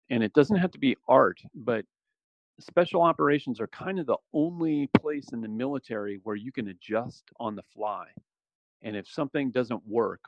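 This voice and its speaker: A man's voice: medium pitch, vocal fry, no echo, highs cut off. A man, a former special operations soldier, talking casually as an interview guest, rambling with many restarts and fillers. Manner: relaxed, rambling, frequent "you know" and restarts.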